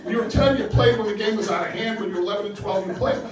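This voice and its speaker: An older New Yorker does a crude, self-deprecating stand-up set on a comedy club stage, his high voice racing. The roomy live sound is picked up from a distance, with the audience laughing.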